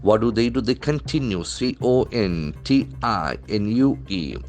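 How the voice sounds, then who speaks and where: This English trainer's voice sits on the low side with a darkish tone, and he speaks expressively at a measured pace while soft music plays behind him. He goes through newspaper vocabulary, spelling each word letter by letter and carefully explaining how it's pronounced and what it means.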